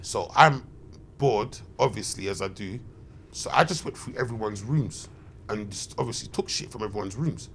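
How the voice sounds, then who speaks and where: A man, telling loud, slang-heavy, swearing stories as a podcast guest. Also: on the low side, animated, normal speed, creaky, breathy edge. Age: 30s. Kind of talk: animated anecdote telling.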